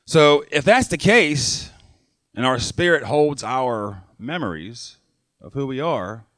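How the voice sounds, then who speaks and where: A man's voice: medium pitch, lively intonation, slow pace, a bit bright, dry recording. A man preaching a sermon to his church congregation in a conversational way, often checking in with "right?" and using fillers. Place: church sanctuary.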